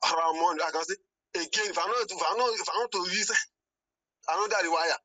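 A man's voice: high voice, brisk, pushed and bright, poor audio. A man calling in to a debate, hesitant and stammering, often repeating himself and saying excuse me. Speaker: caller. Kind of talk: heated phone debate.

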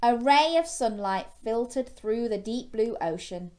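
A woman reading a bedtime story to young children, gently asking them questions along the way. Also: on the high side, expressive, a little slow.

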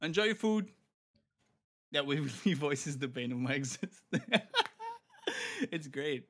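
A man's voice: on the high side, animated, unhurried, a bit bright. A man chatting playfully with a friend during a casual game stream, laughing often. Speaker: guest streamer. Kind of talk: casual gaming stream chat.

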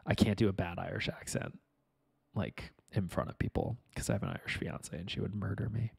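A man's voice: lowish voice, steady tone, fairly quick, gravelly, darkish tone, breathy edge. A man chatting casually to viewers on a live stream as he fixes his game setup, frustrated and self-mocking, muttering to himself.

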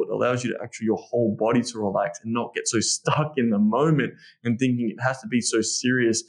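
A man speaking as a podcast guest and intimacy coach. He talks in a casual, animated way, blunt and profane, with lots of fillers. His voice sits at a medium pitch for a man.

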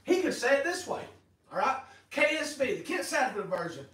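A man preaching a sermon as pastor, telling stories in a lively way and acting out quotes. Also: very high-pitched, moderate pace. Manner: lively, animated storytelling with acted-out quotes. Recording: echoey hall, voice from far off.

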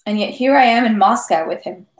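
A woman's voice: on the high side, expressive, brisk, echoey room, close to an everyday voice. A woman reading aloud and voicing a merry, boastful male French army captain who talks in an effusive, insistent way. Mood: expansive.

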